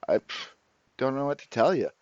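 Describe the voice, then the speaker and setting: A man's voice: mid-range voice, very animated, normal speed, a little mellow, no echo, muffled recording. A man ranting to the camera as host of his own channel, profane, sarcastic and exasperated.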